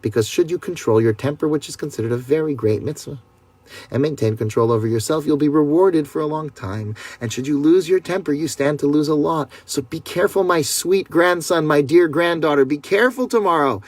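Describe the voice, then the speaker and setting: A man voicing a loving elderly great-great-great-grandmother who gently warns her grandchild in a dream, over a video call. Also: on the high side, fairly quick, close to an everyday voice. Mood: tender warning. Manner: gentle warning, tender.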